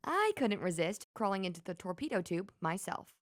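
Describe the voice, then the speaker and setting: A woman reporter narrating a televised news feature. Her delivery is measured and clear, at an ordinary middle pitch, read from a script. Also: big pitch swings, no room sound.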